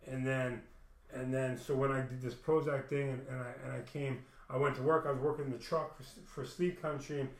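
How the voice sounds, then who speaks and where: In a reverberant room at home, a vlogger rambles through an emotional personal story to his camera, swearing heavily and often restarting. His mid-range voice has little pitch movement, and he speaks briskly.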